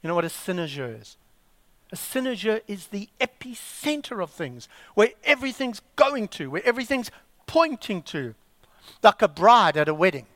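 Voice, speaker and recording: Emphatic high-voiced preacher. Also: male voice, sing-song, fairly bright tone, no echo. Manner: emphatic, rhetorical questions, dramatic pauses. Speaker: pastor. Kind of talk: sermon.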